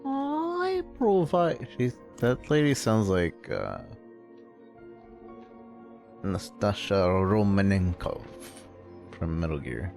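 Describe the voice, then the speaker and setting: Low-voiced male streamer chatting. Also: sing-song, takes it slowly, gravelly, long pauses, darkish tone. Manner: rambling, chuckling asides. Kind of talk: casual gameplay chat. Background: game music.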